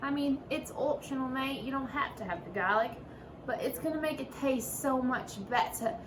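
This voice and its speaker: A woman's voice: high-pitched, moderate pace. A woman hosting a casual home cooking video in her kitchen, talking in playful, profane mock-chef banter. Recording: noisy room ambience.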